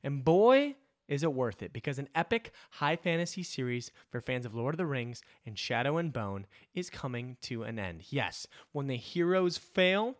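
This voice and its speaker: A man's voice: medium pitch, no room sound, clean studio sound. Man reading a dramatic podcast ad. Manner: dramatic, mock-intense delivery. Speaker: ad reader. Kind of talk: podcast ad read.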